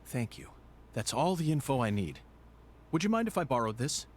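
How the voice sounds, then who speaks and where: A man's voice: mid-range voice, big pitch swings, moderate pace. An actor playing a polite, easygoing adult male detective in a video game, chatty and a little odd.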